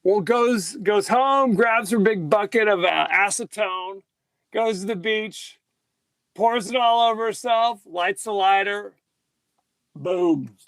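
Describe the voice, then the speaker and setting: A man co-hosting a casual film podcast, his voice pitched high with a gravelly edge. He retells scenes with animated, building excitement. The sound is dry and close, with no room around it. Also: takes it slowly, no room sound. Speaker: podcast co-host.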